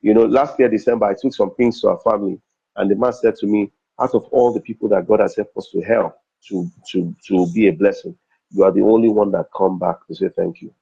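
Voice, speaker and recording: A middle-aged Nigerian man with a husky, mellow voice tells personal stories in an interview. He acts out the quoted dialogue and repeats his lines for emphasis, like the comedian and MC he is. The recording sounds dull and a little lo-fi. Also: lowish voice, fairly even intonation, brisk.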